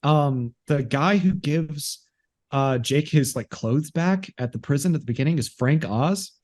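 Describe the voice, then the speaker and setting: A young adult man in casual chat as podcast co-host, speaking haltingly with many fillers and repeated words. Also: on the high side, a little mellow.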